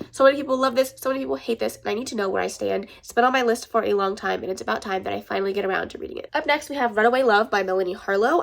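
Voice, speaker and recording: Fast-talking stuffed-up woman gushing. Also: medium pitch, creaky. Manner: gushing, chatty, swears casually. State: stuffed-up nose. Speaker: book vlogger. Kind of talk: casual chat.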